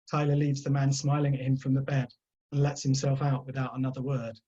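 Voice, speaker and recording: A man, an author, reading his own crime fiction aloud at an unhurried pace over a video call. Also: medium pitch, completely flat delivery, dark tone. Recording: dull lo-fi video call audio.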